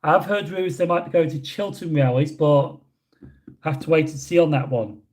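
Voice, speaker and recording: A British man casually chatting with his livestream audience and answering chat questions, rambling with many pauses. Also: on the high side, darkish tone. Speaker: livestream host reading chat. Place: indoors, hotel room.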